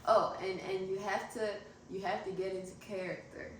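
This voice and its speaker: A woman's voice: medium pitch, flat delivery, normal speed, a little hiss or hum. A woman hosting a casual podcast, giggly and explaining a word game. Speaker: podcast host. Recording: very echoey, distant mic.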